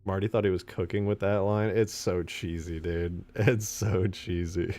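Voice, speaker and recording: A man's voice: low voice, fairly even intonation, normal speed, mellow. A young man hosting a game modding channel, chatting casually and rambling with lots of fillers and frequent laughs. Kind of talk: casual chat while modding.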